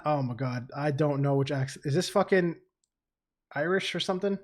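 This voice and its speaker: A man streaming a video game, giving excitable commentary with plenty of swearing. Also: a little high, fairly quick. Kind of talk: let's play commentary.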